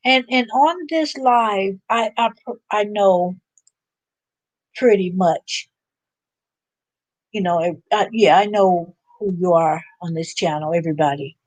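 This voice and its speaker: A woman's voice: medium pitch, darkish tone, no room sound. A woman hosting a casual livestream chat with viewers, chatty and laughing often, sounding a little drained. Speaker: livestream host.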